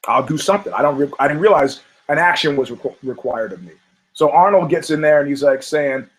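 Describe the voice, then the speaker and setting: A man's voice: on the high side, lively intonation, brisk, low-quality recording. Rambling, profane male podcast host. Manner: rambling, profane, self-mocking jokes. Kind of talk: casual comedic commentary on combat sports.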